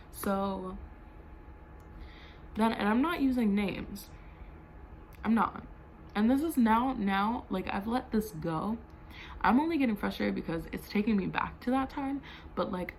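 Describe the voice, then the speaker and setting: Young woman, vlog storyteller, fired up and profane, filler-heavy, mid-pitched voice, faint hiss in the room. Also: poor audio. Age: young adult. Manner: heated, profane, frequent "like" fillers. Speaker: vlogger.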